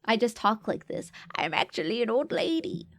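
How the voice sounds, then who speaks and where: A woman's voice: fairly high pitch, big pitch swings, normal speed, a bit bright. A young woman streamer chatting casually and reading out viewer comments, playful and jokey and often laughing. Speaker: VTuber streamer.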